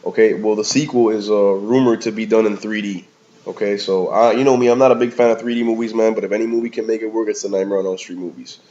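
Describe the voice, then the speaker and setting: A man's voice: fairly low pitch, fairly even intonation, fast, warm tone. A man giving a casual, rambling movie review in slangy talk, often calling the listener "man" or "bro". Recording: slightly dull lo-fi recording.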